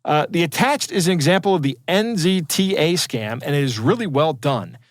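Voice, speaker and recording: Chatty man with a slightly high voice. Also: animated, moderate pace, no room sound, studio quality. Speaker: podcast co-host. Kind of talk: casual chat.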